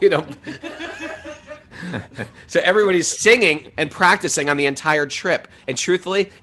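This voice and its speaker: A middle-aged man talking in a casual, animated way about spiritual life, laughing often as he tells stories. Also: mid-range voice. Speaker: podcast host.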